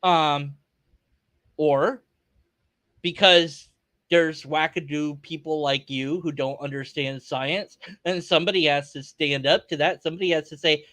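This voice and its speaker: A man's voice: on the high side, fairly even intonation, measured pace, a bit bright, dry recording. A man hosting a reaction video, ranting at a clip with sarcastic, exasperated, over-the-top comedy.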